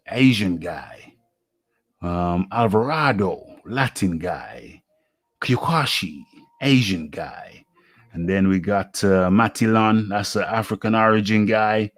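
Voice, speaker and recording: Host: man, low unhurried voice, thinking aloud with lots of ums, dry close sound. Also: no room sound. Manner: musing aloud, many fillers and pauses. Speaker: boxing radio host. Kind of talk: casual solo commentary.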